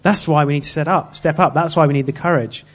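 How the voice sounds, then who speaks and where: A man giving an informal sermon built around a personal story, earnest and halting, with frequent restarts. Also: fairly high pitch. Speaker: church speaker.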